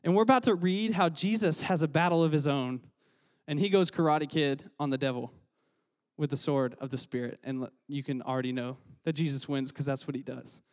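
A man's voice: a little high, fairly even intonation, a little fast, a little mellow. A young man giving a casual, story-filled sermon as a youth pastor. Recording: long hall reverb.

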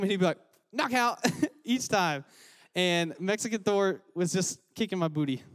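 Young man preaching in a hall. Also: a little high. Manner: casual storytelling, animated. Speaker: youth pastor. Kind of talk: sermon. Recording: long hall reverb.

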